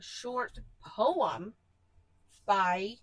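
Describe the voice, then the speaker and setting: A woman's voice: mid-range voice, animated, extremely slow, husky, rough recording. A woman co-hosting a podcast in casual, playful banter, teasing her co-host. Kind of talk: casual chat.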